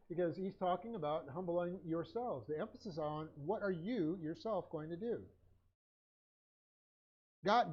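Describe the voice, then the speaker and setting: A man with a somewhat high voice leads a Bible study class, dictating his notes in a halting way that is full of fillers and restarts. The audio is a dull, lo-fi stream recording. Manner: halting, frequent uh fillers and self-corrections.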